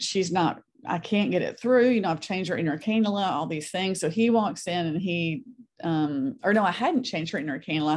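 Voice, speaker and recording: A woman's voice: on the low side, darkish tone. A middle-aged woman, a guest on a faith podcast, telling her story earnestly and acting out the voices she quotes.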